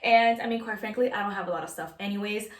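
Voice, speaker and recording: A woman's voice: mid-range voice, fast talker. A young woman vlogging casually in her walk-in closet at home, chatty and slangy, a little out of breath. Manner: chatty, slangy, drops Spanish phrases. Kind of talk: casual chat.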